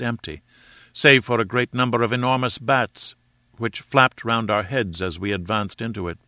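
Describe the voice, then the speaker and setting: A man narrating an adventure novel in a measured storytelling manner. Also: mid-range voice, bright, forceful tone, no room sound, clean studio sound. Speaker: audiobook reader. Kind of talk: scripted narration.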